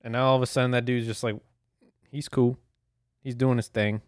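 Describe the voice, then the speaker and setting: A man's voice: medium pitch, level tone, a little fast, no echo, studio quality. Profane, rambling young man on a podcast. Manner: profane, rambling, laughs at himself. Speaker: podcast host. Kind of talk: solo casual podcast rant.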